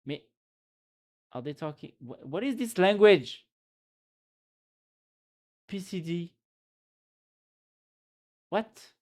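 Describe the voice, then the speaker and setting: A man with a French accent chats on his live stream, thinking out loud with plenty of fillers and exclamations. His voice sits a little high, and he talks at an unhurried pace. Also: lively intonation. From France. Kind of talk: casual live-stream chat.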